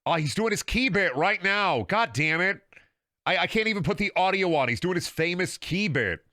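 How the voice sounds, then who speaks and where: His high, animated voice has a sharp tone at normal speed, with no echo and studio-quality sound. He's livestreaming a game, rambling with sarcasm and profanity, frequently laughing and repeating himself.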